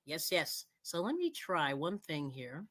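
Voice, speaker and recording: A woman with a low voice hosts a live cooking stream. Her talk is casual and chatty, with lots of laughter and sentences she breaks off and starts again. Her pitch swings widely as she goes. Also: very animated, unhurried, fairly bright tone. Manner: chatty, laughs often, trails off and restarts. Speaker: cooking show host.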